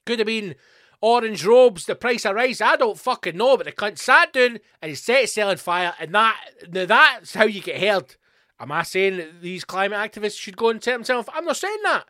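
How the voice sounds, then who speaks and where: A man's voice: sits high, expressive, normal speed, pushed and bright, dry recording, clean studio sound. A middle-aged Scottish man hosting a podcast, delivering a profane, angry ranting monologue. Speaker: podcast host.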